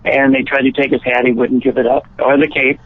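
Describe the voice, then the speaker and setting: A man with a gravelly voice tells long, rambling stories as an interview guest, restarting his sentences as he goes. He sounds tinny and thin, as if he were on a phone line. The sound is dry and close, with no room around it. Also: medium pitch, level tone, a little fast, no echo. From Chicago. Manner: rambling anecdotes with frequent restarts. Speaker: interview guest, actor and musician. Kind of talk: casual storytelling interview.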